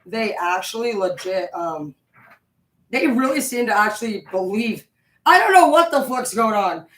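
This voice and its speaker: A woman's voice: mid-range voice, sing-song, measured pace, a bit bright, distant mic. Profane rambling woman in an echoey room. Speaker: vlogger. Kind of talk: rambling casual monologue. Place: home, indoors.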